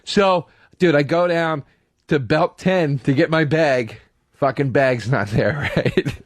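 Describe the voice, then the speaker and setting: A man co-hosting a comedy radio show, telling a story and acting out his own shouting. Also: fairly high pitch, slow pace, dry recording. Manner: animated storyteller who acts out his own yelling. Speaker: co-host. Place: radio studio.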